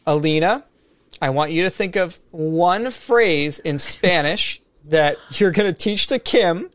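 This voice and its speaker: A man's voice: on the high side, lively intonation, slow pace, dry recording. A man co-hosting a casual chat show, announcing a segment game in an upbeat way. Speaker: co-host.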